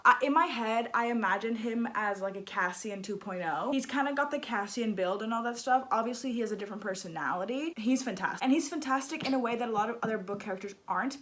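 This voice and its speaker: Young woman book vlogger, bubbly and gushing, a touch high-pitched. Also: fairly bright tone, slight background noise. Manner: bubbly, gushing, self-mocking. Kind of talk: casual chat.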